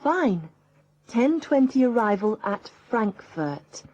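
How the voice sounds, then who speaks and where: A customer noting down her flight details in a course-book dialogue. Her voice is fairly high and she speaks slowly. The cassette sound is a little dull. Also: sing-song, darkish tone, heavily acted. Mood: careful. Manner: careful, checking details. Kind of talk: scripted textbook dialogue.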